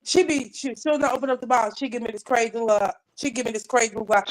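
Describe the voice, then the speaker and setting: A woman's voice: on the high side, fast talker, a little hiss or hum, rough recording. A woman from North Carolina, chatting casually on a live panel, rambling with repeated restarts and frequent laughter. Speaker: live panel chat guest. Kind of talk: casual chat.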